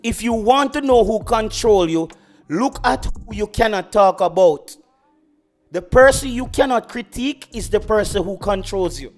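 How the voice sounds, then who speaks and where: A man's voice: high voice, lively intonation, normal speed, soft background music. A Jamaican man hosting a football channel, ranting boastfully on a livestream and slipping into patois. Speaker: football YouTube host. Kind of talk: heated livestream football rant.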